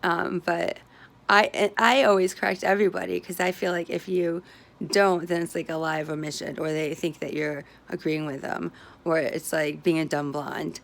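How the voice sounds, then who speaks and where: Gravelly low-voiced woman rambling casually. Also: level tone, moderate pace. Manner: meandering, self-interrupting, often tags with "right?"; laughs easily between thoughts.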